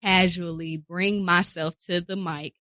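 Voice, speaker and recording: A woman radio personality talking casually in a studio interview, lively and repeating phrases for emphasis. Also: lowish voice, unhurried, no room sound. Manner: animated, acts out quoted voices, repeats phrases for emphasis.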